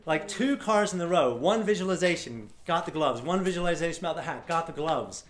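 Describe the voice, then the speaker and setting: Animated storytelling man from Florida. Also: a little high, brisk. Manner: animated, acts out voices of people in his story. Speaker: speaker. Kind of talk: storytelling talk to a live audience. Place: event room with a live audience.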